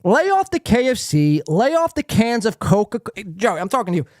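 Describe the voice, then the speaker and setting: A podcast host with a high, sing-song voice speaks briskly on a live show, reading chat comments aloud and ranting at a viewer in a profane, confrontational, taunting way. The recording is studio quality with no room sound.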